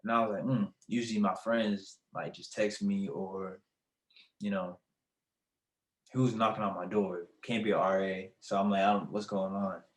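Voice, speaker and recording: A young adult man, a podcast guest, telling a personal story in casual, animated talk and laughing often. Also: lowish voice, moderate pace, reverberant.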